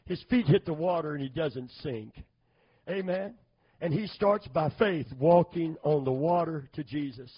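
A middle-aged man preaching a sermon, calling for amens and building to loud, fervent emphasis. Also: a little high, measured pace, husky. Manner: call-and-response, asking for amens. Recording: dull lo-fi sermon recording.

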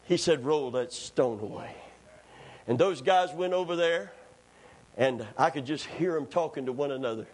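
A man preaching a sermon in a church, calling for amens and rising to shouts. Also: on the high side, moderate pace. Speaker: pastor. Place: church sanctuary.

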